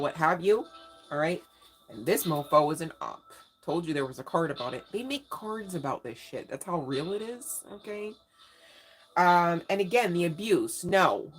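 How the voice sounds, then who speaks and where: A woman's voice: low voice, moderate pace. A woman giving a casual live tarot reading, slangy and emphatic, talking straight to her viewers. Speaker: tarot reader. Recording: faint music in background.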